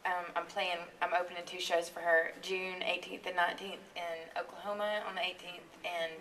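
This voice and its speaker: A woman singer as a radio interview guest, talking in a chatty, animated way and laughing often. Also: lowish voice, a little fast, recorded from a distance, a little hiss or hum, rough recording. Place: radio studio.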